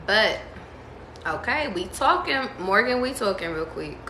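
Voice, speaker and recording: A woman giving a casual tarot reading, slangy and profane, breaking into excited squeals. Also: medium pitch, measured pace, echoey room, a little hiss or hum, low-quality recording. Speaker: tarot reader.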